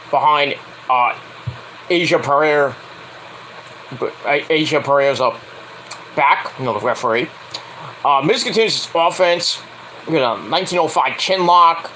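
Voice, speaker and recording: A man recaps wrestling matches in a casual, profane way, mocking the people he talks about and acting out their lines. His voice sits high and bright, and his pitch leaps around as he talks. A faint hiss of room noise runs behind him. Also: low-quality recording. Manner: blunt and profane, acts out quotes in mocking voices. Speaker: wrestling show reviewer.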